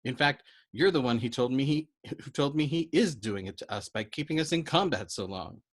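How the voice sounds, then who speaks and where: A man voicing a frantic, agitated young male bomber pilot who blurts out loud, excitable outbursts in a storybook reading. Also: medium pitch, normal speed, breathy edge, pitched above the performer's own voice.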